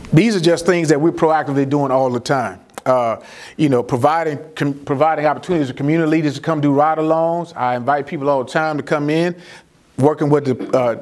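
A middle-aged man with addresses a community audience as a juvenile court judge. His voice sits a little high, and he acts out conversations in the courtroom, jumping up in pitch for his own exclamations and dropping low and soft for the children's replies. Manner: animated storyteller who acts out his own dialogue.

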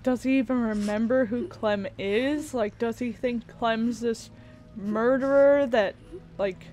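A young woman gives let's-play commentary in a high, slow voice, getting sentimental as she reads game prompts aloud. Game music plays faintly behind her. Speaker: gaming YouTuber.

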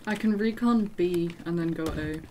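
Low-voiced woman giving quick game callouts. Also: darkish tone, rough recording. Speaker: game player. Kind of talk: casual team voice chat.

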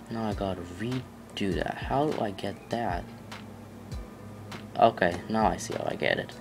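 A man doing let's play commentary, reacting loudly with yelps and groans whenever the game catches him out. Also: fairly low pitch, a little slow, soft background music. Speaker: gamer.

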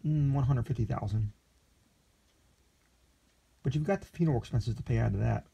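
Brief: man playing a condescending, grasping lawyer with a gravelly, dark tone. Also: medium pitch, moderate pace. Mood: scheming. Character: greedy smooth-talking male city lawyer.

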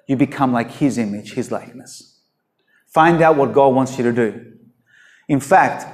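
A man preaching a sermon as a pastor, earnest and emphatic, with many rhetorical questions and a pace that moves between slow, drawn-out phrases and quick bursts. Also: medium pitch, a little mellow.

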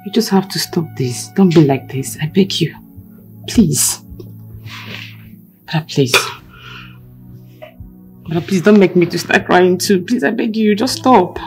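An earnest, low-voiced Nigerian sister. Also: female voice, expressive, measured pace, long pauses. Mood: pleading. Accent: Nigerian English. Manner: earnest, pleading. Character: young woman pleading with her distressed brother. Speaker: younger sister. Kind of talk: Nollywood film acting. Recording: soft music in the background.

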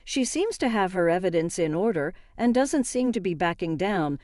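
A calm, stern male lawyer who speaks in a measured way, read by a woman narrating a story. The voice is low and mellow. It is recorded dry. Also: no echo.

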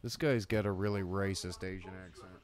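A man with a lowish voice riffs through a horror film in loose, casual commentary. He swears freely and mocks the characters, often slipping into jokey voices mid-sentence. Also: steady tone, a little fast. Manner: profane, mocking, jumps into joking character voices. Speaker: co-host of a horror movie commentary. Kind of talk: casual crude movie commentary.

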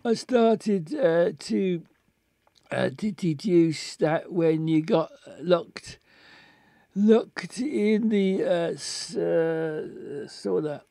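A man voicing a drunk undercover agent who stammers heavily and talks slowly. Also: high voice, vocal fry, warm tone, dry recording, studio quality, exaggerated voice. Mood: drunken. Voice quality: slurred, heavy stammering. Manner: slow, halting, deluded.

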